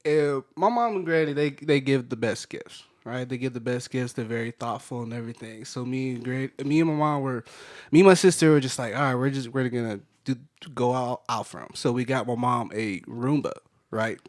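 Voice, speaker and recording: A man co-hosting a podcast, rambling excitedly and mimicking his family in high voices. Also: normal speed. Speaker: podcast co-host. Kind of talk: casual chat, storytelling.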